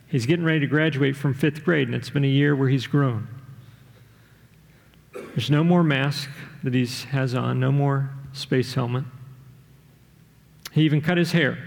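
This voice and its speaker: A man's voice: mid-range voice, vocal fry, big-room sound. A man preaching a sermon as pastor, earnest, reading a story passage aloud with feeling.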